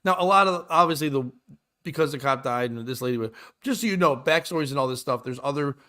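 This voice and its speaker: A man's voice: medium pitch, fast, sharp tone. A man in his thirties hosting a podcast, chatting loosely and joking, swearing and laughing often. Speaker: podcast host. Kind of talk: casual comedy chat.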